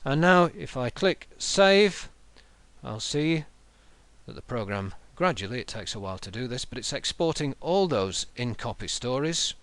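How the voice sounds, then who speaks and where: A man talks a listener through a software tutorial step by step. His pitch moves a lot as he explains. The recording is dry and close, with no room sound. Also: sing-song, no echo. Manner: measured, explanatory, steps through menus aloud.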